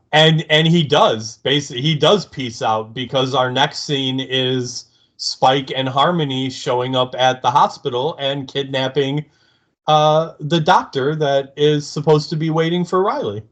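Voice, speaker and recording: A man's voice: mid-range voice, unhurried, a bit bright. A man co-hosting a podcast, recapping a TV episode in an easygoing, hesitant way. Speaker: podcast co-host. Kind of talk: casual episode recap chat.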